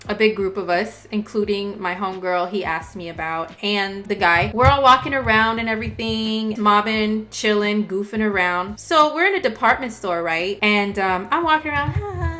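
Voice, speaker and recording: A woman vlogger casually telling stories in lively slang, acting out the dialogue while painting her nails. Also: mid-range voice, moderate pace, few pauses. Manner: animated, slangy, acts out dialogue. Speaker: astrology vlogger. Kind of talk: casual storytelling chat.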